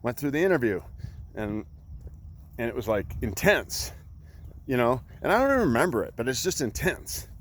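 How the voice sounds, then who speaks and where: A man's voice: mid-range voice, big pitch swings, moderate pace, pauses often, a little hiss or hum. A middle-aged man, a coach, telling a heated story in blunt, profane talk while out on a walk. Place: outdoors by a road.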